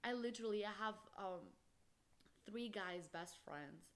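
A woman's voice: mid-range voice, measured pace. Young woman venting on her podcast. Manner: emphatic, impassioned, peppered with "literally" and "like". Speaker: podcast host. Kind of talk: solo podcast monologue.

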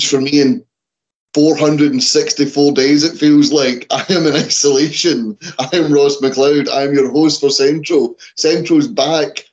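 A man's voice: a little high, darkish tone. A man hosting a wrestling podcast in casual chat, with a dry, self-deprecating manner. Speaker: podcast host. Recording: dull lo-fi sound.

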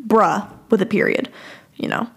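A woman's voice: mid-range voice, moderate pace, creaky, breathy edge. A young woman hosting a podcast, candidly recounting a bad relationship and reading out old text messages in a frank, profane, exasperated way. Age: young adult. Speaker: podcast host. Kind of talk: personal storytelling, reading out old texts.

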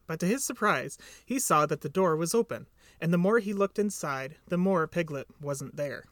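A man reads a children's story aloud with a lively, lilting delivery and plenty of rise and fall in pitch. The sound is close and dry, with no room echo. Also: normal speed. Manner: expressive, lilting. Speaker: reader. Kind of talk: storybook narration.

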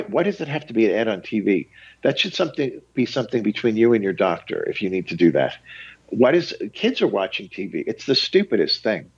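Husky-voiced priest on the radio. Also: male voice, fairly low pitch, highs cut off. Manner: emphatic, moralizing. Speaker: Catholic priest and radio host. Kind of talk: radio talk reflection.

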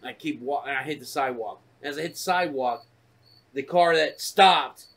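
A man co-hosting a casual podcast chat, telling stories full of swearing and acting out his own shouting. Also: mid-range voice, moderate pace. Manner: profane, animated storytelling, acts out shouting. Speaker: podcast co-host.

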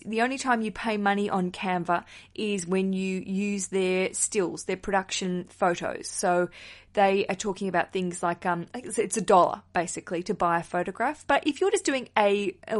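A woman's voice: medium pitch, moderate pace. A young woman hosting a wedding podcast, chatting casually and enthusiastically, with the odd swear word thrown in.

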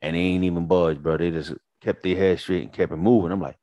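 Animated, swearing man telling stories. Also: low-pitched, moderate pace, no room sound. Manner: animated, profane, acts out voices in anecdotes. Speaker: podcast co-host. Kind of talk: casual storytelling chat.

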